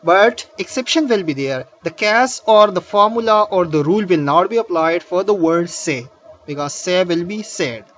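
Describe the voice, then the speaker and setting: A man teaching a grammar lesson, explaining slowly with many fillers and restarts. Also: sits high, expressive, a bit bright, lo-fi sound. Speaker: English teacher.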